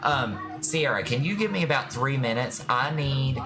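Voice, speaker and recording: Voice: medium pitch, lively intonation, normal speed. Affectionate streamer doing tarot readings, music behind. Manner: affectionate, reassuring, calls viewers "my love". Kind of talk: casual live-stream chat.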